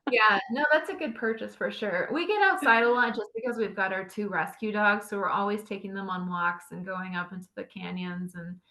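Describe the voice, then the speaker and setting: Bright-voiced affirming woman. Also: mid-range voice, brisk, hardly any pauses, rough recording. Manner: warm, agreeable, affirming. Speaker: guest. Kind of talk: casual chat.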